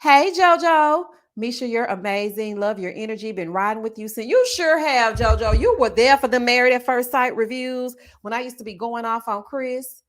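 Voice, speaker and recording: A woman with a Texas Southern twang, chatting casually with her viewers in a sing-song, drawn-out way. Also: on the high side. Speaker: YouTube reality-show reviewer. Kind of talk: casual chat reading viewer comments.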